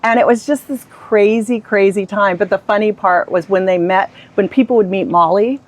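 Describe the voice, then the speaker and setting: A middle-aged woman recounts her work stories in an interview, her voice at an average pitch. She tells them with animation and slips into the voices of the people she quotes. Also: moderate pace. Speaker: real estate agent, guest. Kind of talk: storytelling interview.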